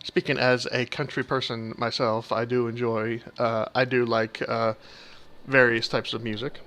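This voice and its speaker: A man's voice: mid-range voice, flat delivery, normal speed, fairly bright tone, rough recording. A man with a Southern US accent giving casual, rambling gameplay commentary, correcting himself as he goes. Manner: rambling, self-correcting, laughs easily. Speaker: let's player.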